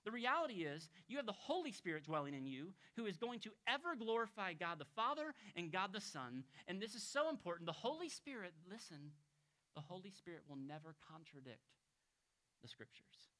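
A man who is a pastor, preaching a conversational expository sermon to a congregation, moving between emphatic raised points and soft, hushed passages. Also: high-pitched, very animated, a little fast. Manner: storytelling, acting out quoted people.

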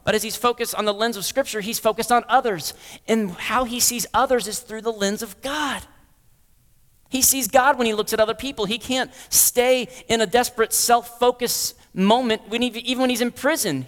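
A man preaching a sermon as pastor, rising to loud stirring peaks and then dropping to a soft hush. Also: high voice. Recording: long hall reverb.

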